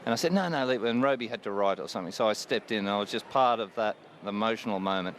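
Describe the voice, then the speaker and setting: A man's voice: fairly low pitch, fast, slight background noise. A radio cricket commentator in his sixties, chatting casually on air and laughing often at his own stories. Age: 60s. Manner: chuckling, warm-hearted, laughs often.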